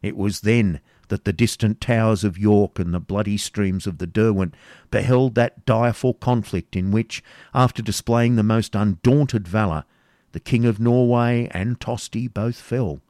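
Guy reading proud old saxon lord, deep-ish, stately declaiming, dead dry room. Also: measured pace, dark tone, no room sound. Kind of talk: audiobook character reading.

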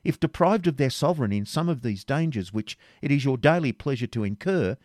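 Brief: man playing a loyal young knight, earnest and pleading, raised pitch, dry close sound. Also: animated, a little fast, a little mellow, dry recording, lightly acted. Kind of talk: audiobook reading.

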